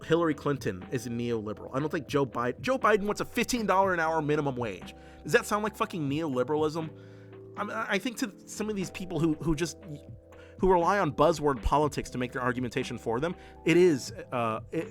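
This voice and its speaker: A man's voice: a little high, fairly bright tone. Profane ranting man streamer. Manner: heated, profane, ranting with many restarts. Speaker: political streamer. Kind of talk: livestream commentary, reading chat.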